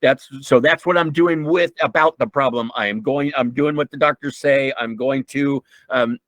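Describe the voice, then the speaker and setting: A man's voice: mid-range voice, moderate pace, fairly bright tone, no echo, rough recording. A man giving an informal, earnest talk on emotional intelligence, repeating points for emphasis and often restarting sentences with ums. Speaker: mental health speaker.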